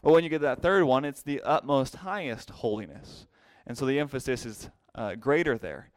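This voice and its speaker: A man's voice: mid-range voice, lively intonation, normal speed, no echo. Male Bible teacher at a whiteboard; explanatory, repeats key terms; close, dry sound. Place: classroom with a whiteboard.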